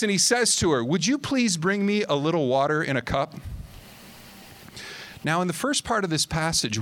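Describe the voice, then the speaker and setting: High-voiced animated male preacher. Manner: animated, acts out quotes, rises to near-shouting climaxes. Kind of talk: sermon.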